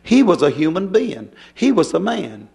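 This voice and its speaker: A man with a notably high voice delivers a sermon in plain, homespun language. He presses his points with emphasis and keeps checking in with rhetorical questions to his listeners. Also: very animated, normal speed, gravelly, warm tone. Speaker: preacher.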